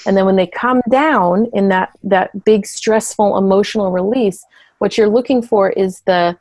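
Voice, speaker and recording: A woman therapist talks through her ideas in an easy, explanatory way. She sometimes drops into quick acted voices. The sound is dry and close. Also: mid-range voice, darkish tone, no echo. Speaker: therapist and parent coach. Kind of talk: conversational interview talk.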